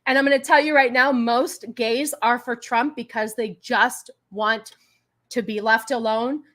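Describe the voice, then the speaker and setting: A woman's voice: on the high side, fairly even intonation, measured pace, fairly bright tone. A woman hosting a casual live stream, talking back to chat in an exasperated, argumentative way and thanking donors. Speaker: livestream host. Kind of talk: casual political commentary stream.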